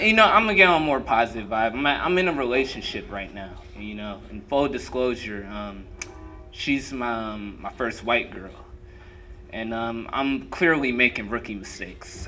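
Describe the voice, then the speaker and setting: Lively young man doing crude stand-up. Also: medium pitch. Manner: crude, profane, teasing the crowd. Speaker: stand-up comedian. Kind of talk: stand-up comedy set. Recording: noisy live room recording.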